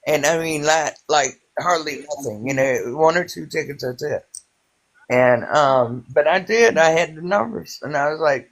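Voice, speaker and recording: A woman's voice: low-pitched, moderate pace. A middle-aged woman telling a story in casual chat, rambling with many fillers.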